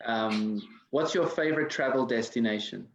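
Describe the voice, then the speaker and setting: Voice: mid-range voice, moderate pace, slight background noise. Echoey lo-fi interviewer, hesitant questions. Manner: hesitant, filler-heavy questioning. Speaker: interviewer, host. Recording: echoey, dull lo-fi sound.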